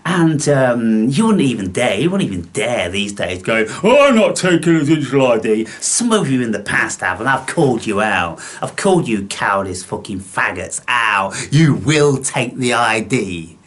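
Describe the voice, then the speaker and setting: A man's voice: mid-range voice, sing-song, moderate pace, hardly any pauses, fairly bright tone. Contemptuous, swearing man ranting. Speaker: channel host. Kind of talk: angry monologue to camera.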